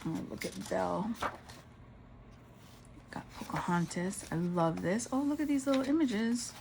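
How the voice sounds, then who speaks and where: A woman's voice: mid-range voice, fairly even intonation, a little slow, creaky, background noise. A woman vlogger narrating a casual show-and-tell of craft supplies, gushing and exclaiming over each item.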